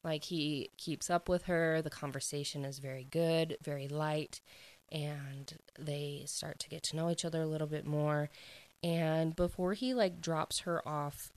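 A woman's voice: low voice, fairly even intonation, low-quality recording. A young woman casually retelling a book's plot in a chatty way, filling her speech with "like" and laughing now and then. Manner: chatty, heavy "like" filler, quick laughs. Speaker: book reviewer. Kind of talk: casual book recap.

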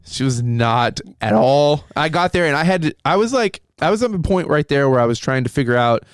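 A man's voice: a little high, lively intonation, a little fast, clear, resonant tone, no room sound, clean studio sound. A man casually telling embarrassing dating stories, laughing often and swearing freely. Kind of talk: casual chat, storytelling.

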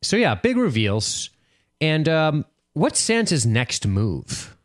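A man's voice: on the high side, slow pace, no echo, clean studio sound. A man co-hosting a podcast, chatting casually and joking around. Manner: joking, animated, does silly voices. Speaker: podcast co-host. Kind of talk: casual chat.

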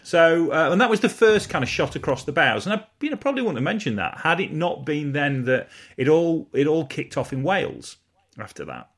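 A man's voice: fairly high pitch, sing-song, a little fast, few pauses. A man co-hosting a podcast, chatting casually and reading out listener messages. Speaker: podcast co-host. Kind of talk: casual chat.

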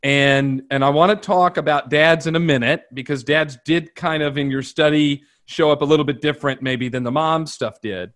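A man's voice: a little high, moderate pace, few pauses, a bit bright. A middle-aged man hosting a podcast interview, chatting easily and sharing stories about his daughter in a reassuring way. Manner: conversational, shares personal anecdotes, reassuring. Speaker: podcast host.

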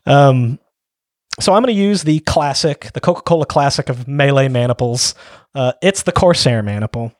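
A man's voice: mid-range voice, expressive, moderate pace, no room sound, studio quality. A man co-hosting a casual tabletop gaming podcast, walking through rules step by step with frequent ums. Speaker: podcast co-host.

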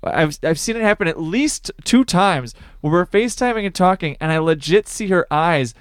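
A man's voice: high voice, lively intonation, normal speed, smooth, dry recording, studio quality. A young man co-hosting a podcast, chatting casually and joking through rambling stories. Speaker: podcast co-host. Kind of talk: casual chat.

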